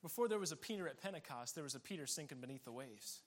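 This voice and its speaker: A fast-talking pastor with a slightly high male voice gives an animated sermon. He laughs a lot and voices the people in the story as he tells it.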